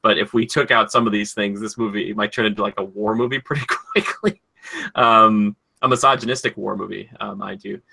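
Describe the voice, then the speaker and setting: Young man, podcast co-host, bright tone, casual rambling chat, lots of fillers. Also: lowish voice, steady tone, brisk, vocal fry, breathy edge. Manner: rambling, hesitant, many fillers.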